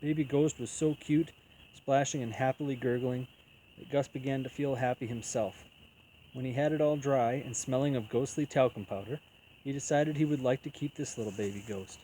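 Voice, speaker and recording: A man reading a children's picture book aloud as storyteller, in an even, unhurried way. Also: mid-range voice, a little hiss or hum, poor audio.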